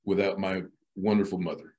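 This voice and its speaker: A man's voice: low-pitched, little pitch movement, a little fast, a little mellow. A middle-aged man as a podcast guest, talking casually with many restarts and repeated words. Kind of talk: casual interview talk.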